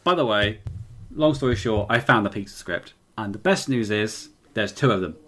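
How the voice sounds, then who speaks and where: A man's voice: on the low side, moderate pace, fairly bright tone. A man co-hosting a casual podcast, a little tipsy and giggly as he chats. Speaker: podcast co-host. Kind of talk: casual chat.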